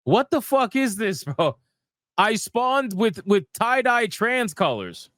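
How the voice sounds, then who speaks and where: A man's voice: high-pitched, big pitch swings, slow, fairly bright tone, dry recording. A man giving casual, profane gaming commentary, ranting in exasperation and repeating himself.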